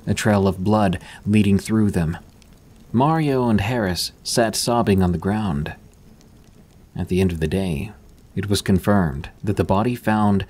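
A man reading first-person horror stories aloud as scripted narration, in a steady, measured delivery. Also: on the low side, slightly rough.

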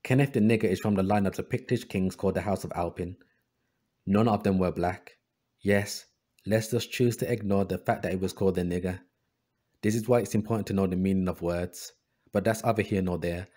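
A man's voice: deep voice, a little fast. A man hosting a history channel, reading book excerpts aloud and adding sarcastic asides. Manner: reads passages in an even voice, then adds sarcastic asides.

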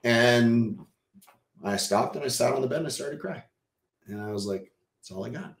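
A man from Texas, a podcast guest, telling a personal story in an animated way, casually swearing and acting out what people said. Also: medium pitch, moderate pace, roomy sound.

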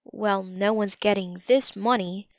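A woman's voice: mid-range voice, fairly even intonation, unhurried, no echo, lightly acted. A woman reading the lines of an upset grown man who talks shakily when distressed. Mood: worried. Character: upset adult man, museum planner. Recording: slightly dull lo-fi recording.

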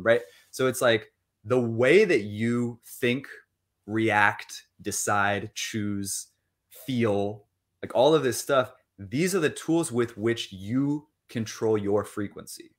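A young man guest in a casual interview, talking in an animated way, acting out inner voices and swearing casually. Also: mid-range voice, measured pace. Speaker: interview guest, money coach.

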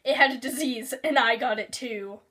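A woman's voice: a little high, normal speed, pushed and bright, husky. A young woman vlogger reading her childhood story aloud, giggling and breaking into sudden exaggerated outbursts.

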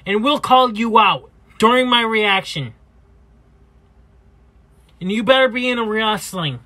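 Male reaction host, very high bright voice, slow, profane trash talk. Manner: crude, taunting, trash-talking.

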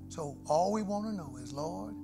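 A middle-aged man preaching from the pulpit, his voice a touch high for a man. He swings from hushed, prayerful murmurs to ringing shouts. Organ music plays clearly under him in a live church recording. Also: animated, moderate pace. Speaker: pastor. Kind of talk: sermon. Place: church sanctuary. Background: musical instruments.

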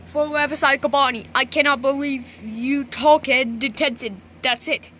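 A woman's voice: high voice, fairly even intonation, unhurried, sharp tone, slight background noise. A synthetic woman's voice speaking for cartoon figures, a stern adult woman in authority who scolds stiffly and repeats herself. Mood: scolding. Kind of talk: text-to-speech cartoon voices.

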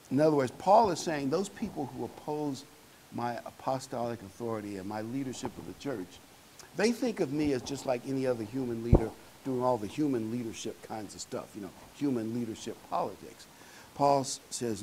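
A man's voice: medium pitch, big pitch swings, moderate pace, a little mellow, slight background noise, poor audio. A man preaching a sermon in a conversational, folksy way, with fillers and asides to the congregation.

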